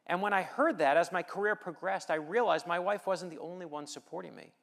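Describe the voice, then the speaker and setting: A man's voice: sits high, a little fast, vocal fry, a bit bright. A middle-aged man from the United States delivering a motivational speech, telling personal stories with light humor and rallying the audience. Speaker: keynote speaker and novelist.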